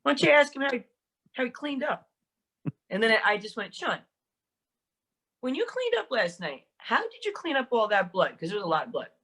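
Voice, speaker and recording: This actress-director talks a little high and fairly quickly, with long pauses. In a casual storytelling interview on a podcast, she laughs, swears and animatedly plays out what people told her.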